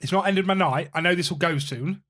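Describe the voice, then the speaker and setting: Excitable man, slightly high voice. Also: fairly quick. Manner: excitable, swears freely, jokey rants. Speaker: podcast co-host. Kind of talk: casual podcast chat.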